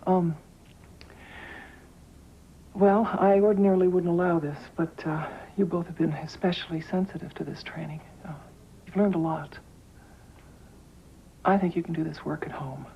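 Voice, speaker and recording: An actress playing a firm, relentless therapist who pushes insistently and then softens to hushed reassurance. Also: female voice, low-pitched, vocal fry, muffled recording, slight background noise. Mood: hushed, tender. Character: firm, relentless female therapist, middle-aged. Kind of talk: film drama acting.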